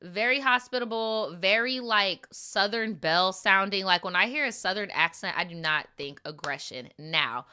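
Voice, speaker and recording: A woman streamer reading viewer stories aloud and reacting in a casual, slangy, animated way. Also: mid-range voice, unhurried, clear, resonant tone. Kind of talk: casual chat and story reading. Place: lives in New York.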